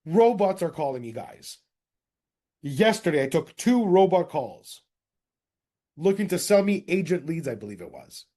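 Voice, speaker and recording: Casting: energetic man, mid-high voice with a dark, mellow tone, leading a sales coaching session. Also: measured pace. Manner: direct, energetic, addresses group as guys. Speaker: real estate sales coach.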